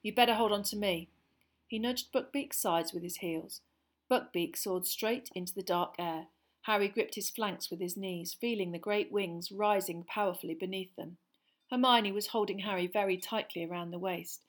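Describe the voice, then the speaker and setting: Female narrator, measured storybook reading at a medium pitch. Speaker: audiobook narrator.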